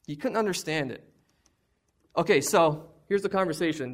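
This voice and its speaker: A male preacher with a fairly high voice delivers a sermon to his congregation. He talks in a conversational, emphatic way, asking rhetorical questions and sharing personal struggles openly. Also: normal speed.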